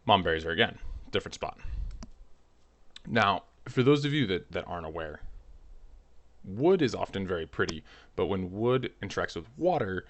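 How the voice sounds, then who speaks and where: A man's voice: low-pitched, very animated, moderate pace, long pauses. A man telling a comic family story in a rambling, nervous way, full of restarts. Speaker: channel host.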